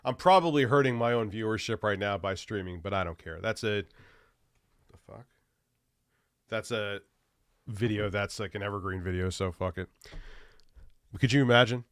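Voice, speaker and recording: A man's voice: lowish voice, normal speed, long pauses, fairly bright tone, clean tone, no echo, studio quality. A man with a stuffy nose from a cold, ranting loosely and profanely while livestreaming. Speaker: streamer. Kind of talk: casual livestream rant.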